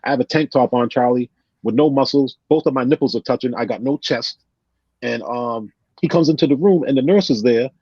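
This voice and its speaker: A podcast guest from New England chats casually, telling stories and animatedly voicing quotes from his friends. His mid-range voice has a breathy edge and moves fairly quickly. The dull lo-fi recording carries no room sound.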